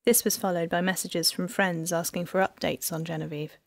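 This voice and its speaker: Lady reading an audiobook, low voice w some fry, dry close mic, steady measured pace. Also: no echo. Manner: even, measured storytelling. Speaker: audiobook narrator. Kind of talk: scripted narration.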